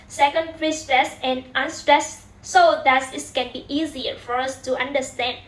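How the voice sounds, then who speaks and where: A woman's voice: high-pitched, fairly bright tone, roomy sound, poor audio. A young woman with a Vietnamese accent gives a class presentation, hesitant and full of "uh" fillers. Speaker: student presenter. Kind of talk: class presentation on English stress.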